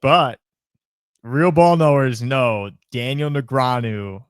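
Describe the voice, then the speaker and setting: A man's voice: mid-range voice, animated, takes it slowly, smooth, no echo, clean studio sound. A young man co-hosting a casual sports podcast, chatty, with lots of restarts and repeated words. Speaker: podcast co-host. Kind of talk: casual chat.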